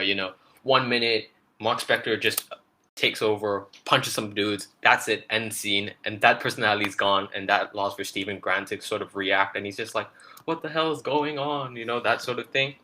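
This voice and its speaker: A man's voice: fairly low pitch, pushed and bright, slight background noise. A man co-hosting a casual trailer breakdown, rambling with lots of fillers and restarts. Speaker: podcast co-host.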